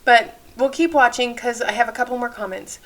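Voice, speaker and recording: A woman's voice: fairly high pitch, fairly even intonation, a little fast, a bit bright. A woman hosting a channel, commenting candidly on a clip and giving safety advice in a chatty way. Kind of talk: reaction commentary.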